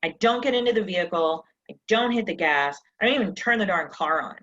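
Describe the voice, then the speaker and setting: A woman's voice: on the low side, expressive, brisk, a bit bright, muffled recording. A woman success coach giving an emphatic motivational coaching session, full of rhetorical questions, over a live stream mic.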